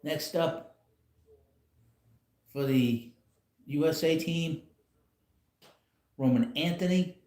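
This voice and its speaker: A man's voice: a little high, extremely slow, pauses often, a little mellow, roomy sound. A man hosting a casual live stream from home, talking in a rambling, blunt way with frequent chuckles. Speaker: channel host. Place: home, in a rocking chair.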